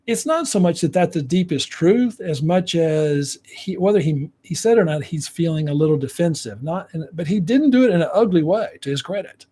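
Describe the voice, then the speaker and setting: A man's voice: a little high, expressive, moderate pace, a little mellow, breathy edge. A man giving relationship advice to viewers, acting out what partners say to each other to explain how men hear it. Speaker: relationship coach.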